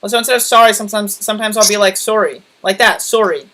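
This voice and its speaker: A man's voice: sits high, level tone, rapid-fire, pushed and bright, rough recording. A man hosting a casual voice call, rambling playfully and stretching his words. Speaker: YouTuber host. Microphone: computer mic on voice call.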